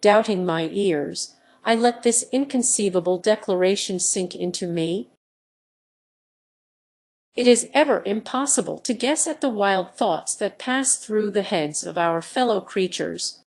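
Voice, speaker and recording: Slow, measured woman narrator. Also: mid-range voice, animated, a little mellow. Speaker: audiobook narrator. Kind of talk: scripted narration.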